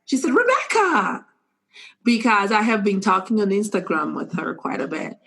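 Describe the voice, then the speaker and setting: Animated woman host, playful and laughing. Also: mid-range voice, brisk, gravelly. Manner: animated, laughs often, bursts into playful acted quotes. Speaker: podcast host. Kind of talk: casual podcast chat.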